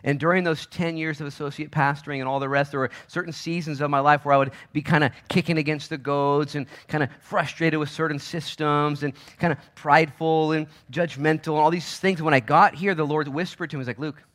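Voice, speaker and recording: A man in his forties from Oregon, a pastor preaching a sermon in a church. He swings between loud urgency and hushed asides, with quick restarts. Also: on the high side, fairly even intonation. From Oregon, United States.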